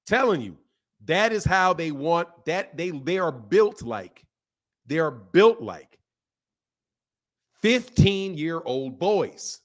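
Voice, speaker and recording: A man in his forties with a fairly high voice goes on a casual, animated rant. He repeats his points again and again and breaks into laughter often. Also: slow pace, pauses often. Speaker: boxing channel host.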